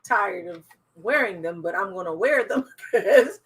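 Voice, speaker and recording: A woman's voice: medium pitch, animated, moderate pace. A woman co-hosting a comedy podcast in casual chat, who laughs easily and announces the guests. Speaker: podcast co-host.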